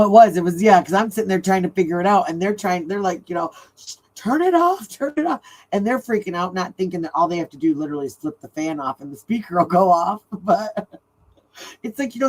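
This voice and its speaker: A woman's voice: fairly low pitch, fairly quick, darkish tone, rough recording. A middle-aged woman hosting a true crime livestream, chatting casually and laughing often as she tells stories.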